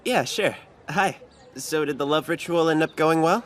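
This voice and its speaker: A woman's voice: deep voice, moderate pace, natural voice. A woman dubbing a playful young photographer friend who talks in a teasing, breezy way. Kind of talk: anime English dub.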